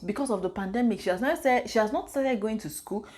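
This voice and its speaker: A chatty Nigerian mother vlogs casual advice, telling stories in an animated way with asides in pidgin and Igbo. Her voice is a little high and her pace quick.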